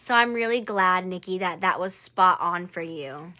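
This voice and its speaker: A woman's voice: lowish voice, normal speed, bright, forceful tone. A woman doing a live-streamed angel card reading. She speaks to one viewer by name, encourages her, and repeats her phrases.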